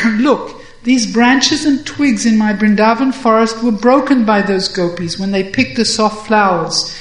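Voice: mid-range voice, slow, lightly acted. A reader voicing a flustered, mock-angry young hero. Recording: roomy echo.

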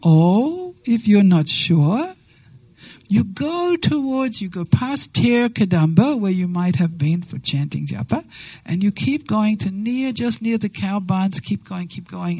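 A woman's voice: medium pitch, warm tone, husky, no echo, heavily acted, low-quality recording. A woman voicing a clever, cheerful male sage who coaxes and teases as she tells a devotional story.

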